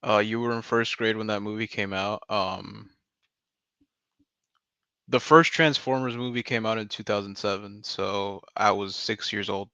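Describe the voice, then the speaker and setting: A man's voice: on the low side, a little slow, bright, forceful tone, smooth, no room sound. Young man rambling on a dull mic. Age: 20s. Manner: rambling slangy talk full of "like" and "bro". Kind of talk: casual chat on a live voice call.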